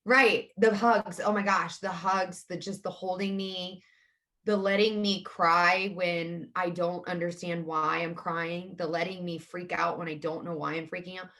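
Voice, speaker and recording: A woman's voice: lowish voice, steady tone, a little slow, fairly bright tone. A woman, speaking openly and earnestly as an interview guest. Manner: open and earnest, talks about feelings frankly. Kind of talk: candid conversational interview.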